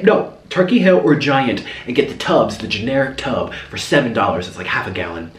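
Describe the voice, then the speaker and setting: A man's voice: medium pitch, quick pace, few pauses, far from the mic. A man telling a casual story while eating on camera, chatty and dramatic. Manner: chatty, animated, dramatic asides. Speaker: mukbang vlogger. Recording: roomy echo, set back from the mic.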